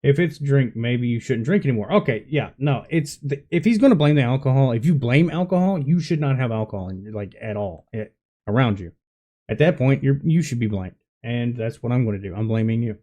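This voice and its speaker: A man's voice: mid-range voice, brisk, mellow. A man giving casual reaction commentary on a clip, blunt and scornful, swearing freely.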